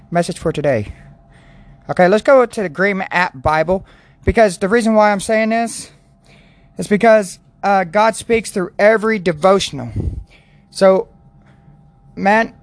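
A man with a high voice hosts a casual faith podcast, earnest and rambling as he restarts his sentences and prays aloud. The recording is close and dry, with no room sound. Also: dry recording. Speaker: podcast host.

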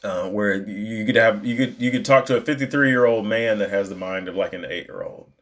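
A man's voice: lowish voice, brisk, a bit bright. A man giving a casual, emphatic monologue, full of fillers and asides. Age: adult. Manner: conversational, emphatic, lots of fillers.

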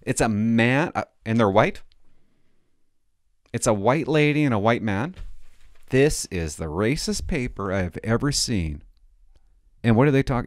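A man's voice: mid-range voice, animated, unhurried, long pauses, no room sound, studio quality. A middle-aged man reading newspaper headlines aloud and mocking them with sarcastic, mock-indignant commentary.

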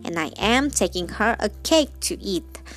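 A woman's voice: mid-range voice, animated, normal speed, natural voice. A woman voicing an innocent, polite little girl from a fairy tale. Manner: polite, trusting.

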